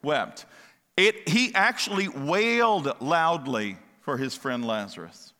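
A man delivers a sermon in a bright, fairly high voice. He keeps it conversational, firing questions at his listeners and drifting into asides. A long reverb from the hall hangs behind every word. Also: animated, slow. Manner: conversational, asks the congregation questions, digresses. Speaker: pastor.

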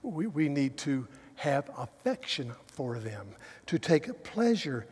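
A man preaching a sermon. He stumbles over restarts and swings from loud emphasis to quiet asides. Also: on the high side, big pitch swings, slow pace, husky. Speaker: pastor. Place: church sanctuary. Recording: long reverb of a large hall.

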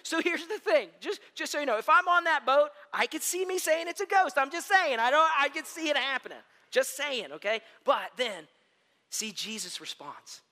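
A man preaching a sermon as a pastor, telling stories in an animated, self-deprecating and humorous way. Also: very high voice, normal speed. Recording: long reverb of a large hall.

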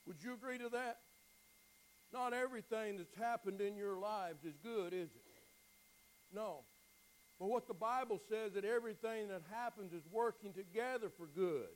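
A man preaching a sermon, swinging from near-shouted pleading down to hushed, quiet passages, often repeating words as he builds. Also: high-pitched, moderate pace, poor audio. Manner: repeats words and restarts lines.

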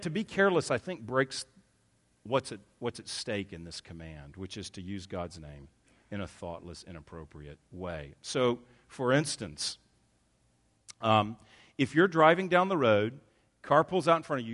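A man's voice: medium pitch, sing-song, normal speed, fairly bright tone. Earnest man preaching a sermon. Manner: earnest, emphatic preaching with self-corrections and restarts. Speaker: pastor.

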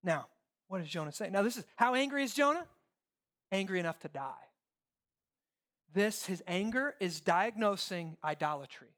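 A man preaching a sermon, animated, acting out quoted voices and asking "right?" often. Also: high voice, normal speed, long pauses. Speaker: pastor.

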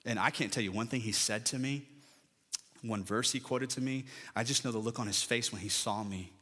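A man's voice: medium pitch, a little fast, pushed and bright. A middle-aged man preaching a sermon, building emphatic lists and telling a personal story from the pulpit. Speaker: pastor.

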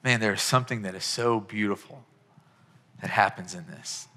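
A man's voice: fairly low pitch, moderate pace, bright, forceful tone. A man preaching a sermon as pastor, impassioned and swelling to fervent peaks. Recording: long hall reverb.

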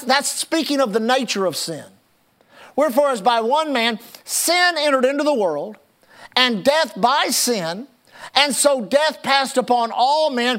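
A man's voice: extremely high pitch, fairly bright tone. A man preaching a sermon, reading scripture aloud and calling out to the congregation. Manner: preaching with call-outs to the congregation. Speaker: pastor.

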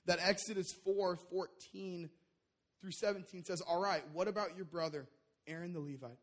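A young man preaching a sermon, telling a personal story in a lively way with many fillers and restarts. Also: high-pitched, normal speed.

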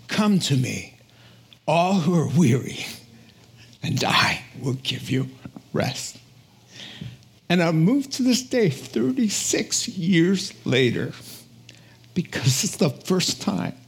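A man, preaching a lively storytelling sermon, laughing often and dropping to a whisper for quiet lines. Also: fairly high pitch. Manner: animated storytelling, acts out quoted voices, drops to a whisper at times, laughs often. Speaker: pastor.

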